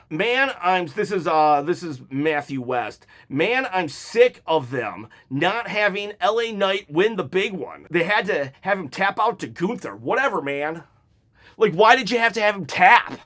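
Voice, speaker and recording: A man's voice: high-pitched, fairly bright tone. A man giving heated, exasperated hot-take commentary on wrestling, with sarcastic mock quotes.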